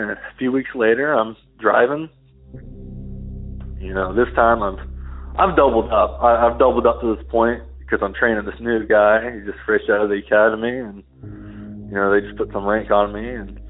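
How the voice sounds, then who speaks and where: A man telling a rambling first-person story, acting out the voices of the people in it. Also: medium pitch. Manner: rambling, acts out quoted voices. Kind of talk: casual storytelling. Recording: phone-line audio with faint music.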